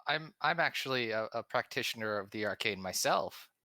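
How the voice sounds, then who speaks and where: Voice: mid-range voice, expressive, normal speed, sharp tone, no echo. A player role-playing a character, speaking politely and hesitantly with many restarts.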